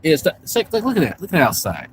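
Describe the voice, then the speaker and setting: A YouTube commentary streamer talks quickly with huge pitch swings in a voice on the high side, rambling and cursing to his chat. He streams casually from a park, then a parked car, on a low-quality recording with slight background noise.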